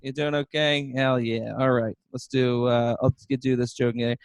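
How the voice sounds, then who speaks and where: A man's voice: medium pitch, little pitch movement, normal speed, clear, resonant tone, no room sound, clean studio sound. A young man doing a self-mocking, profane stand-up set over a video call, laughing at his own jokes. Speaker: stand-up comedian.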